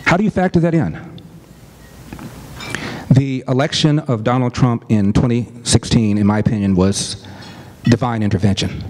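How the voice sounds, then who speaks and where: A middle-aged man telling a family story as a commentator, earnest and deliberate, stressing points with repetition. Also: mid-range voice, dark tone, slight background noise. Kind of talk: storytelling speech.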